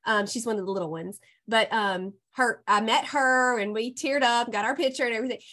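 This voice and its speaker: Lady podcast host, bright voice, gushing and laughing a lot. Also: on the high side, fairly quick. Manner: warm, effusive, laughs often. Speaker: podcast host and health coach. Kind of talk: casual podcast chat.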